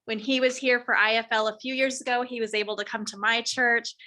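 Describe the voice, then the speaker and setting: Bright, upbeat woman moderating a call. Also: a little high, level tone, a little fast. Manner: upbeat, affirming, chatty. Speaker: roundtable moderator. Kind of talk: video call roundtable moderating. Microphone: video call.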